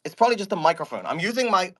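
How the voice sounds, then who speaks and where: Guy on a phone mic a bit away from it, kinda high voice swinging all over, totally baffled and cursing. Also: very animated, rapid-fire, fairly bright tone. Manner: exasperated, baffled rambling with swearing. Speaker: streamer. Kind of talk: casual live audio chat. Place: his room at home, near a desk. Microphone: phone microphone from a step away.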